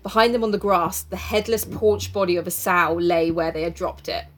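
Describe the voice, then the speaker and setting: A woman's voice: fairly low pitch, a bit bright. A woman casually chatting and reading a novel aloud, laughing and swearing as she goes. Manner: laughing, sweary, breaks into quick character voices. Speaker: book club co-host reading aloud. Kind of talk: casual chat with read-aloud passages.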